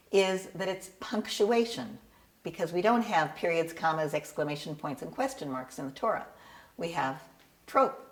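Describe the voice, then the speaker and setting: A woman explains how she teaches cantillation to bar and bat mitzvah students. Her voice sits a little low, and she talks in a patient, measured way, breaking now and then into short sung examples.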